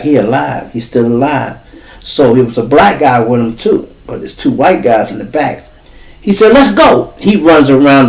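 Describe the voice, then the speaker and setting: Recorded from a distance on a rough track, this medium-pitched man hosts a podcast in a Chicago accent. He spins a story as a rambling, foul-mouthed monologue, doing lively impressions of whoever he quotes.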